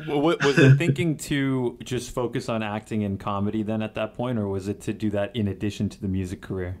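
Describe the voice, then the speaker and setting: A man's voice: fairly low pitch, brisk, a little mellow. A man co-hosting a podcast, briefly and curiously asking a guest questions. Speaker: podcast co-host. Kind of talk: interview questions.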